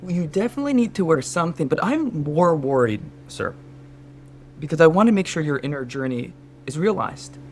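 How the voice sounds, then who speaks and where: A man's voice: fairly high pitch, big pitch swings, a little fast, a little hiss or hum. A Canadian man improvising a scheming, overly polite male Sherpa guide in his own regular voice, fussing with mock concern. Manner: fawning, mock-concerned, keeps saying sir. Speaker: podcast co-host. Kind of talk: improvised comedy sketch.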